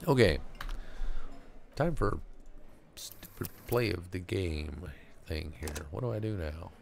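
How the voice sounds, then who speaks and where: A man's voice: deep voice, animated, takes it slowly, creaky, a little mellow, a little hiss or hum. A man casually talking to himself while playing a video game, muttering wry asides and reading choices aloud. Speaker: gamer streaming a playthrough. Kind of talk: casual let's-play commentary.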